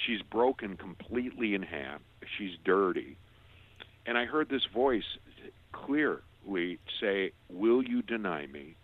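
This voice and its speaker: Older male interview guest, ex-radio voice, earnest and halting storyteller, slightly low pitch, thin phone-line quality. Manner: earnest, halting, with repeated restarts.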